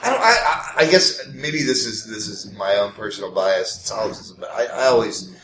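A man's voice: fairly low pitch, expressive, moderate pace, fairly bright tone. A man hosting a podcast, telling stories in casual chat and laughing often. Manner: storytelling, laughs often, puts on silly voices. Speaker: podcast host. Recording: roomy echo.

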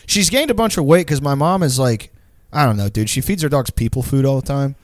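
A young man spins a rambling story in an easy, unfiltered way, swearing constantly as he goes. His voice sits at a middling pitch. The sound is dry and close, with no room around it. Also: a little fast, no room sound. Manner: profane, rambling, animated storytelling. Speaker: storyteller in a group chat. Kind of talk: casual chat.

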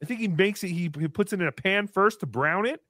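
A man in his thirties hosting a livestream, reading donations and joking around in a casual, animated way. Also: high-pitched, fast talker, no room sound, clean studio sound. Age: 30s. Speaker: livestream host.

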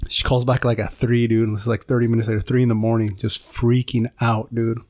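A man's voice: mid-range voice, flat delivery, brisk, darkish tone, no echo, clean studio sound. A man co-hosting a podcast, telling a story in a casual, rambling way and saying "dude" a lot.

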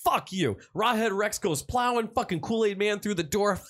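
A man co-hosting a casual chat, recapping a film in a profane, rambling, animated way. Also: sits high, normal speed. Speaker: podcast co-host.

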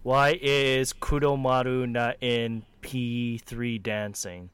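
A man's voice: mid-range voice, steady tone, slow, fairly bright tone, clean tone, no echo. A man co-hosting a podcast, playfully reading out listener questions and laughing often. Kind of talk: casual chat.

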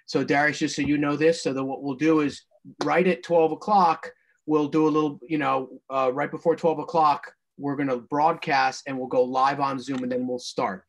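A man's voice: on the high side, level tone, normal speed. A man hosting a video call, explaining the stream setup in a rambling way with many fillers. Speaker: host and stream producer.

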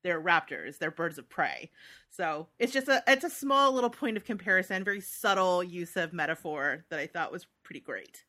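A woman's voice: on the low side, expressive, moderate pace, sharp tone. A woman co-hosting a podcast, chatting casually and enthusiastically about a book she loves. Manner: enthusiastic, reads passages aloud. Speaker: podcast co-host.

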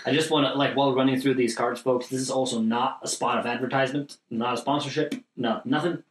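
A man's voice: mid-range voice, steady tone, quick pace. A playful, jokey man from Norway, chatting and reading out cards during a casual game. His voice sounds distant and bounces around a roomy, echoey space. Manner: playful, jokey, self-mocking. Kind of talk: casual comedic chat over a card game. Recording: roomy, off-mic home recording.

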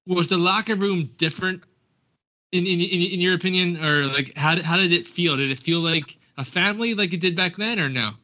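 A man's voice: high voice, a little fast, sharp tone, low-quality recording. A man interviewing a guest, with short eager replies and rambling questions.

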